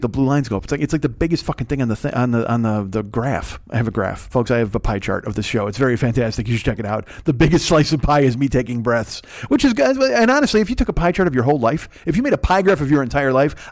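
A man with a Chicago accent and a radio voice, hosting a solo comedic podcast rant, rambling and profane with frequent restarts. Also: mid-range voice. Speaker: podcast host.

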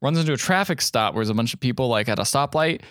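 A man's voice: mid-range voice, expressive, quick pace, fairly bright tone, no echo, studio quality. A young man co-hosting a casual movie-review podcast, ranting in exasperation, swearing and acting out scenes. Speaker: podcast co-host.

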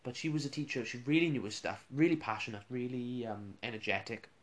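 A man's voice: mid-range voice, brisk. A man, a radio presenter, casually rambling through funny school anecdotes with restarts and chuckles.

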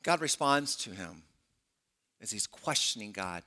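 A man preaching a sermon to a congregation, animated and conversational, acting out scripture dialogues. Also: fairly low pitch, measured pace, big-room sound. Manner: animated preaching, voicing prophet and God in dialogue. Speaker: pastor.

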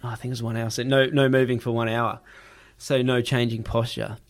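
A man telling a personal story in casual chat, animated, laughing and swearing freely. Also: mid-range voice, a little fast.

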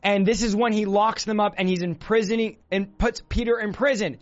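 A male preacher delivering a fervent sermon, often shouting. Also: high voice, fairly even intonation, brisk. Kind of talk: fiery sermon. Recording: dull lo-fi sound with faint music.

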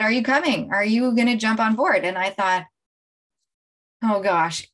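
A middle-aged woman coach talking casually on a livestream, animated and often laughing as she tells stories to viewers. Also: medium pitch. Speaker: life coach hosting a livestream. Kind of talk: casual live-stream talk to viewers.

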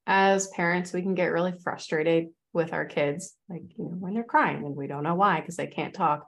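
A woman's voice: fairly low pitch, moderate pace, gravelly. A woman fitness coach in casual podcast chat, talking loosely with many fillers and acting out quoted voices.

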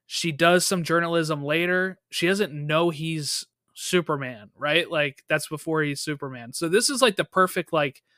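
Fairly high, bright man, casual chat, close dry mic. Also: dry recording. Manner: relaxed, hedging with fillers. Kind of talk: casual pop-culture chat.

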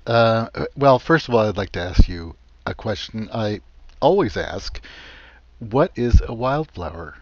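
A man with a New Jersey accent hosting a gardening radio show and interviewing a guest in a halting, conversational way. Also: fairly low pitch, animated, dry recording, lo-fi sound.

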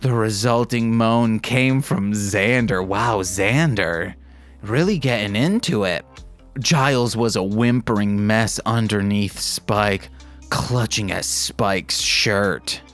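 A man's voice: lowish voice, slow pace, fairly bright tone, faint music behind. A man hosting a podcast, reading fan fiction aloud and breaking off for wry, self-mocking comments. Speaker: podcast host.

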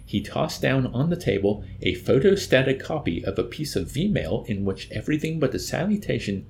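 Man with a lowish voice reading an audiobook, super expressive, faint background hum. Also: moderate pace, creaky, few pauses. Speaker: audiobook narrator. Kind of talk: audiobook narration.

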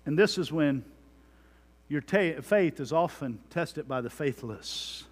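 A man's voice: fairly high pitch, lively intonation, takes it slowly. A man preaching a sermon, reading scripture aloud with dramatic emphasis. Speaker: pastor. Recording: long hall reverb.

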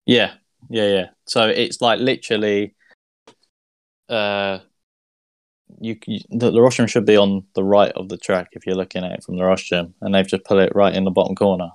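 A man's voice: lowish voice, level tone, moderate pace, dry recording. A man being interviewed as a guest on a podcast, explaining things in a loose, rambling way. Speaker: guest racer. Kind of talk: casual chat.

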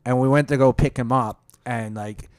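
A man's voice: medium pitch, steady tone, normal speed, no echo, studio quality. Rambling, profane male podcast co-host. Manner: rambling, profane, quotes people in put-on voices. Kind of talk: casual storytelling chat.

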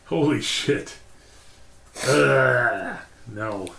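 A man's voice: mid-range voice, extremely slow, creaky, fairly bright tone. A man co-hosting a podcast in casual chat, stammering and swearing as he reacts. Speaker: podcast co-host. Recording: roomy echo, faint hiss.

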